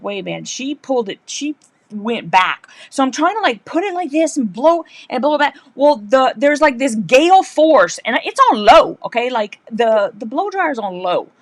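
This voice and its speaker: A woman hosting a live sewing stream, telling stories in a chatty, animated way and laughing often. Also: medium pitch, no echo. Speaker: livestream host, quilter. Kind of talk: casual live-stream chat.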